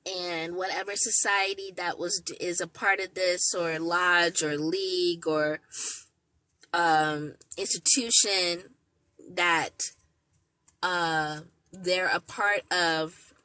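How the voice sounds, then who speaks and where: A woman's voice: lowish voice, fairly even intonation, pushed and bright, dry recording, poor audio. A woman doing a live tarot reading outdoors at a beach. She meanders as she passes on messages from a spirit, quoting them one after another. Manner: relays spirit messages as quotes, meandering and slow. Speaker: intuitive tarot reader.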